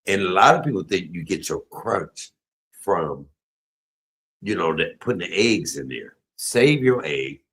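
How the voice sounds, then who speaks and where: Man, deep voice, lively swooping pitch, middle-aged, chatty cooking-stream host. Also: a little slow, low-quality recording. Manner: animated, laughing, chatty. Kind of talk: casual storytelling while cooking.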